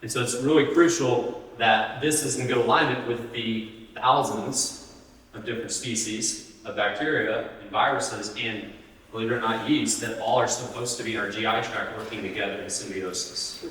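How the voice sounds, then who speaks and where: A man's voice: lowish voice, fairly even intonation, moderate pace, a bit bright. A man giving a live health talk, speaking conversationally and often putting questions to the audience. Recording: roomy hall, distant mic.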